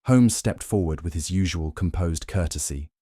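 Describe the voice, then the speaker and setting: Deep-voiced man reading a story. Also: warm tone, slightly rough, no room sound, studio quality. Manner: measured, formal storytelling. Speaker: narrator. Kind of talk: scripted narration.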